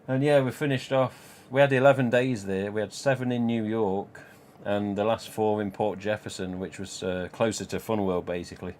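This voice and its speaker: Rambling low-voiced man. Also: fairly even intonation, moderate pace, few pauses, darkish tone, slight background noise. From Nottingham, England. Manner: rambling, swears freely, laughs at own jokes. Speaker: live stream host. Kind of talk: casual storytelling chat.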